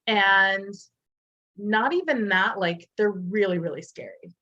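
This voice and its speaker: A woman's voice: medium pitch, takes it slowly, sharp tone, muffled recording. A young woman co-hosting a podcast in casual chat, talking loosely with lots of fillers. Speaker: podcast co-host.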